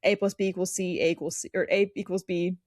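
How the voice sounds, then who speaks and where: A woman's voice: lowish voice, level tone, fast talker, a little mellow, no echo, studio quality. Fired-up young woman co-host. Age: young adult. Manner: emphatic, fired-up ranting. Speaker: podcast co-host. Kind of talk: casual podcast chat.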